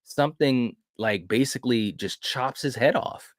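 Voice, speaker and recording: A man hosting a film review podcast, retelling a horror movie in an animated, casual way with frequent restarts. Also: medium pitch, measured pace, no echo, studio quality. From grew up in a city. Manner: animated storyteller, frequent restarts and "you know".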